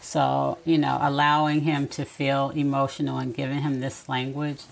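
A middle-aged woman speaking as a podcast guest in casual conversation, reflective and gently advising. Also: a bass voice, level tone, normal speed, gravelly, poor audio.

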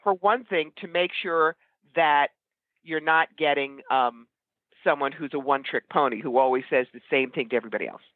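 A woman being interviewed as a psychic medium and author, talking in a blunt, opinionated way and telling stories briskly. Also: low-pitched, no room sound. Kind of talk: casual interview conversation. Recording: tinny phone-like line, dry.

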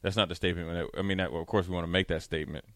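A man talks football as a sports radio co-host, laid-back and colloquial. His voice is deep and resonant. It sounds dry and close to the microphone. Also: fairly even intonation, racing, no echo. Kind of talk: casual sports talk.

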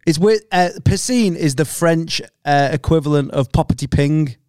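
Young guy, podcast co-host, smooth fairly high voice, rambling sweary banter, dry close mic. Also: darkish tone, dry recording. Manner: rambling and sweary, with quick restarts. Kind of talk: casual chat.

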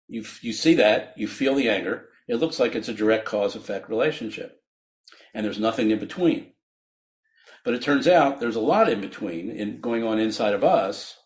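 Earnest man explaining, laughing often. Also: mid-range voice. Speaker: physician and guest expert. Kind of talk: podcast interview explaining ideas.

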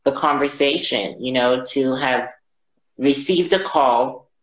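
A man telling a personal story as an interview guest, halting and reflective, often repeating his words. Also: medium pitch. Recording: roomy, dull lo-fi audio.

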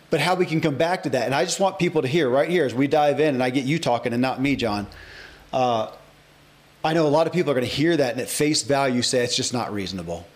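A man in his forties hosting a podcast interview, talking in an emphatic, rambling way with frequent restarts. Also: mid-range voice. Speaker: podcast host. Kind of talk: casual interview chat.

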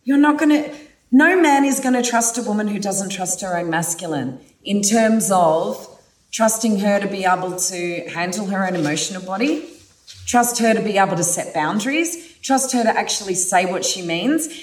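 A woman host telling personal stories in a candid, animated way, swearing freely. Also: medium pitch, moderate pace, slight background noise. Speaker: podcast host. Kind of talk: casual personal storytelling. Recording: roomy sound from a distant mic.

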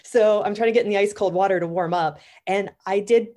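A woman's voice: mid-range voice, brisk, warm tone. A woman in her thirties, a diver talking enthusiastically in a casual interview, with fillers and restarts. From Florida, USA. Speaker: guest, underwater cameraman and technical diver.

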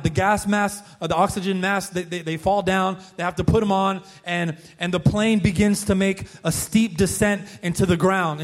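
A male pastor preaching a sermon in a conversational storytelling way, with frequent restarts. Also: high voice. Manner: conversational storytelling, frequent restarts, rising excitement when acting out quotes.

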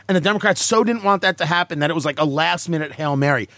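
A man's voice: on the high side, no room sound. A man hosting a talk show, ranting and joking sarcastically in casual banter with co-hosts. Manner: animated, sarcastic, quick asides.

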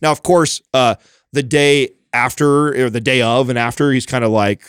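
A man's voice: mid-range voice, fairly even intonation, moderate pace, a bit bright, smooth, no room sound, studio quality. A man in his thirties hosting a podcast, telling a story in a rambling way with many restarts and casual swearing. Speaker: podcast host.

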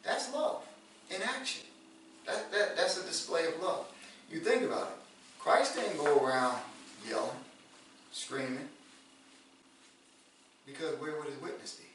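A man preaching a sermon in a relaxed, conversational way, repeating words and rising to loud emphasis. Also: on the high side, measured pace, pauses often, a little hiss or hum. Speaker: pastor. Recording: echoey room from far off.

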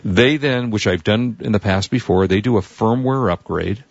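A man's voice: on the low side, moderate pace, vocal fry, breathy edge, no room sound. A man hosting a tech news show, telling a rambling story and acting out the people he quotes. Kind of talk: casual chat, long anecdote. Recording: dull lo-fi dry sound.

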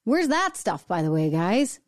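A middle-aged woman hosts her own commentary show, firing off indignant rhetorical questions with a sarcastic edge. Her voice sits at an ordinary pitch and is recorded close and dry, with no room sound. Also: big pitch swings, a little slow, no echo. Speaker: show host. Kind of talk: opinion commentary monologue.

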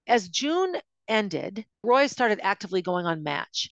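A woman's voice: medium pitch, big pitch swings, measured pace, fairly bright tone, no room sound. A woman tells her own story in an emotional, confiding monologue, often restarting her sentences. Her voice sits close and dry, with no room around it. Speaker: podcast host recounting her own life.

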